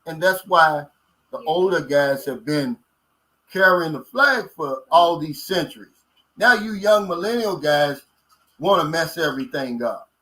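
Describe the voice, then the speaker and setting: This Kentucky man in his late fifties reads viewer comments on a casual livestream, folksy and blunt, drawling out his filler words. His voice sits on the high side, expressive and unhurried with a sharp tone, over poor audio.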